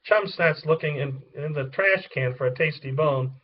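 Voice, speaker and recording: A man's voice: fairly high pitch, normal speed. A man reading the stage directions of a children's play aloud in a plain way. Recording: distant, dull lo-fi recording.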